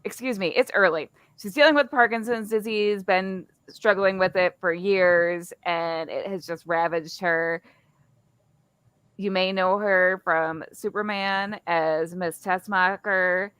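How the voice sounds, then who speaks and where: A woman's voice: mid-range voice, fairly even intonation, takes it slowly, fairly bright tone, smooth, no echo. A woman co-hosting a podcast, explaining an upcoming online event in a chatty way and stumbling over her words now and then. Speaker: podcast co-host. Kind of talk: casual chat.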